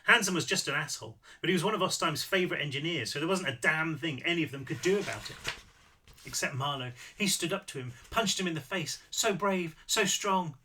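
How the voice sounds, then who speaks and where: A man reads his own novel aloud with lively, animated delivery and now and then breaks off for a casual aside. His voice is a little higher than most men's, with a very bright, sharp tone. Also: quick pace, breathy edge. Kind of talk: audiobook read-through with asides.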